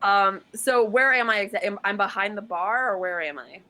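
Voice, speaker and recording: A woman talking as a player in a tabletop game, chatty and quick to giggle. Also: medium pitch, sharp tone, poor audio. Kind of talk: casual tabletop play.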